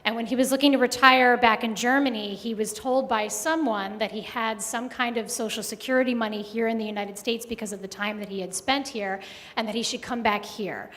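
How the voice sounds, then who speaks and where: A woman telling a personal story live at a story slam, conversational with many pauses and fillers. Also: on the high side, fairly even intonation, a bit bright. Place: live event hall. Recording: long hall reverb.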